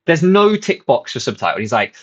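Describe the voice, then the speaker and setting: A man's voice: mid-range voice, big pitch swings, a little fast, fairly bright tone, dull audio. A man and channel host casually telling a rambling, self-mocking story, swearing freely.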